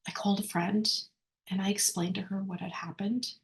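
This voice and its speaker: A woman's voice: medium pitch, steady tone, fairly quick, creaky, a little mellow. A woman leading a workshop lesson, talking conversationally, often checking in with "right?" and correcting herself as she goes. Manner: rambling with frequent self-corrections. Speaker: workshop speaker. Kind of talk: informal teaching talk.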